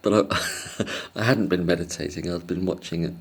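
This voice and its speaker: A man's voice: sits low, steady tone, moderate pace, husky. A man telling a casual, rambling story to camera, hesitant and self-deprecating, chuckling often. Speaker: vlogger.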